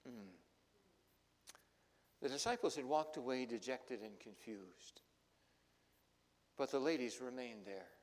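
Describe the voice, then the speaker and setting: A male pastor preaching a sermon, telling the story dramatically and swinging between loud and hushed. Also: mid-range voice, measured pace, pauses often. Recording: long hall reverb.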